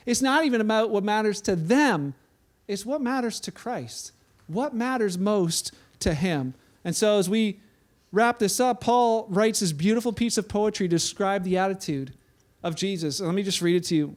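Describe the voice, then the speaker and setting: A man with a notably high-pitched voice preaches in a church. His delivery is conversational and story-driven, with frequent restarts as he works through his points. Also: a little mellow. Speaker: pastor. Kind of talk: sermon.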